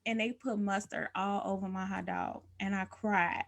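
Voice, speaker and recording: A woman's voice: medium pitch, normal speed, creaky, few pauses. Woman cohosting a livestream, chatty storyteller, laughs a lot, easygoing slangy talk. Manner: informal, colloquial speech. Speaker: co-host of a live-streamed talk show. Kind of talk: casual livestream chat.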